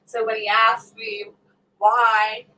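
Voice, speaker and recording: A middle-aged woman hosts a casual livestream, chatting and laughing with viewers and acting out what other people said. Her voice sits on the high side with little pitch movement, comes slowly, and sounds pushed and bright. She's a bit distant from the mic, with faint background noise.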